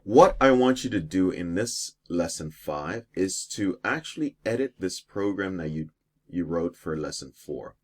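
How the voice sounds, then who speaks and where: A man with a very low, deep voice talks through a programming lesson on screen. He explains each step plainly, pausing with fillers now and then. Keyboard typing and mouse clicks sit faintly behind him. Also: expressive. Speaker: teacher. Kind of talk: screen-recorded coding lesson.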